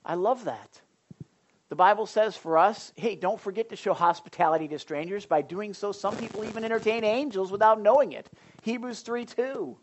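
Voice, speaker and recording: A pastor preaching to a small group, talking straight to the people in front of him. His voice swings between loud, emphatic points and quiet asides. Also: high voice, normal speed. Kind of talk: sermon to a small Bible study group.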